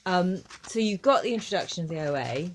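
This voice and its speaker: A woman with a notably low voice co-hosts a casual podcast about a TV series. She steers the chat with questions, speaks loosely, and swears now and then. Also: expressive, brisk, a little hiss or hum. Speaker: podcast co-host.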